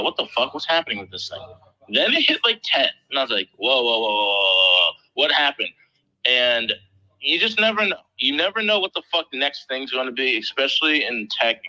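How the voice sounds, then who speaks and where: A man in his thirties from the Philadelphia area, hosting a crypto livestream in loose, profane, animated casual chat. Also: medium pitch, rough recording.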